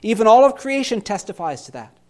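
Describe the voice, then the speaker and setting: A man voicing an anguished male psalmist in a dramatic scripture reading, impassioned, swinging between loud pleas and hushed lows. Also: big pitch swings, fairly quick. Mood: pleading.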